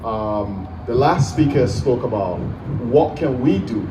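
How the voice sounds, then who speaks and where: A man's voice: mid-range voice, lively intonation, slow pace. A man from Nigeria speaking at an outdoor rally, hesitant and full of fillers. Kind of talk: speech at a rally. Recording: distant echoey mic with crowd noise.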